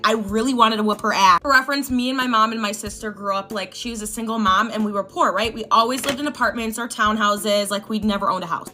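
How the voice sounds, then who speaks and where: A young woman telling a personal storytime, animated and dramatic, swearing for emphasis. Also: on the high side. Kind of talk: storytime over gameplay. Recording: faint background music.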